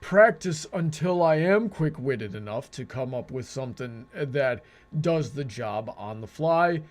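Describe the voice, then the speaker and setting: A man's voice: mid-range voice, animated, unhurried. A man hosting a casual debate, talking earnestly and restarting his sentences often. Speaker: debate show host.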